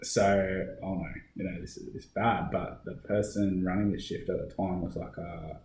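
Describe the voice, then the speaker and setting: Be an Australian policeman recounting a hard shift, lower voice, roomy echo. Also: fairly even intonation, normal speed, darkish tone. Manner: conversational storytelling, frequent fillers and restarts. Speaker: guest, police officer. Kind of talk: casual podcast interview.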